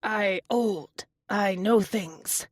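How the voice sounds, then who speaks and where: A woman voicing an old male lizard servant who speaks in broken, halting English, anguished and loyal, in an audiobook. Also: mid-range voice, breathy edge, no room sound. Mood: grim.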